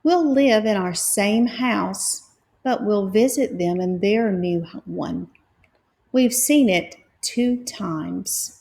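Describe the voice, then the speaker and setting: Teaching reading carefully and slowly, this woman breaks words into syllables and spells out each letter. She sounds patient the whole time, her medium-pitched, darkish voice carrying a gravelly touch of vocal fry.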